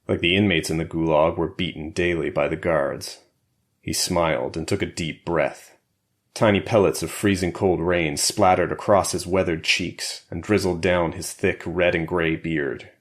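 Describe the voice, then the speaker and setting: A man narrating an action thriller audiobook in a steady, measured way. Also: low-pitched. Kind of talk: scripted narration.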